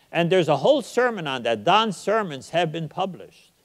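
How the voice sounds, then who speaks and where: An older man giving a public lecture, speaking emphatically and slowing down to recite lines of verse. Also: on the high side, big pitch swings. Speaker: guest lecturer. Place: lecture hall. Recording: reverberant lecture hall.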